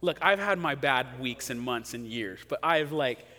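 Animated male preacher in a reverberant hall. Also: mid-range voice, unhurried. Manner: conversational, animated, acts out quotes. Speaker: pastor. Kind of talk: sermon.

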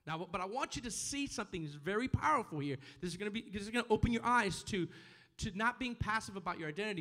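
A man delivers a sermon in a high, bright voice. He reads scripture aloud, stops to comment on it, doubles up on words for emphasis and calls on the congregation to respond. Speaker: preacher.

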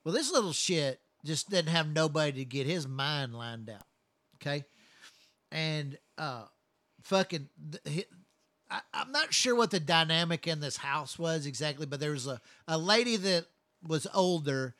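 A man's voice: fairly high pitch, animated, normal speed, a bit bright, no room sound. A man telling long, profane stories from his work as a first responder in a casual chat. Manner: profane, rambling, blunt.

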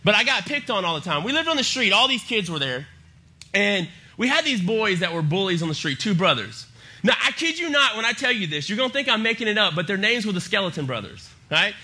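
High, bright, energetic young man preaching. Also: a little fast. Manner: energetic, humorous storytelling. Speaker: youth pastor. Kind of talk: youth sermon. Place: church youth service.

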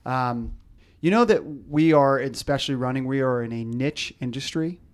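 A man hosting a running podcast, talking in casual chat with a rambling, halting manner. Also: medium pitch, smooth. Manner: rambling, halting, repeats himself. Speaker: podcast host.

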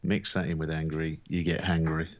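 A man's voice: extremely low pitch, level tone, moderate pace, muffled recording. A laid-back man with a dry, grumbling manner, co-hosting a casual podcast. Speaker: podcast co-host.

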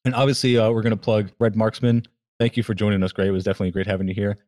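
A man hosting a podcast in casual chat, relaxed and a bit profane, with many fillers. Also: lowish voice, racing. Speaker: podcast host.

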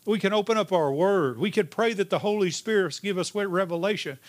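A male pastor delivers an emphatic sermon in a church sanctuary, his pitch climbing before falling into a slow, hushed delivery.

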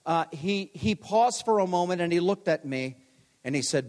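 A man's voice: high-pitched, expressive, moderate pace, a little mellow. A man in his sixties, a pastor giving a homecoming chapel sermon, telling stories with self-deprecating humor. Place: large chapel. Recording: long hall reverb.

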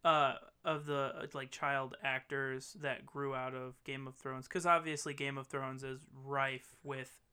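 Podcast co-host, man, bright and clear tone, animated and profane, casual chat. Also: mid-range voice, unhurried, hardly any pauses. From US Midwest.

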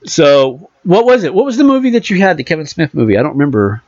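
A man in casual podcast chat who rambles, restarts his sentences and acts out quotes along the way. His voice sits a little high. The recording is dry and slightly muffled. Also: very animated, fast, darkish tone, no echo. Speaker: podcast co-host.

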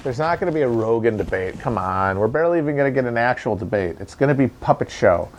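Man, mid-pitched voice, sardonic, profane, rambling political monologue. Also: expressive, quick pace, slight background noise. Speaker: commentator host. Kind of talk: casual political commentary.

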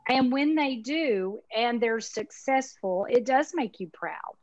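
A woman in her fifties with a Texas accent, chatting in a folksy, emphatic way full of Southern sayings. Her voice sits a little high, recorded close and dry over a slightly dull, lo-fi video call line. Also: lively intonation, slow, no room sound. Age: 50s. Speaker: insurance marketing organization owner, guest. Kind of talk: casual conversational interview.

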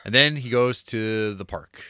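A man's voice: fairly low pitch, a little slow, clean tone, no echo, clean studio sound. A man on a podcast, casually and animatedly retelling a film's plot, cursing freely. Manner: animated storyteller, drops into quoted voices; curses casually. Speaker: podcast co-host. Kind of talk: casual chat retelling a film.

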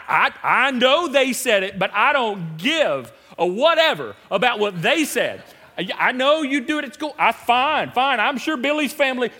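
A man's voice: extremely high pitch, bright, forceful tone, in a large hall, voice pushed up, heavily acted. A man voicing a stern parent who lays down the house rules, emphatic and repeating himself. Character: stern parent calling a family meeting.

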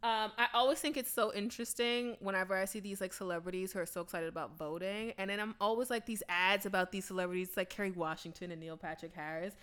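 A woman's voice: medium pitch, fast, hardly any pauses, smooth. A young woman co-hosting a casual chat, telling stories dramatically and laughing often. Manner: animated, dramatic storytelling with lots of laughter.

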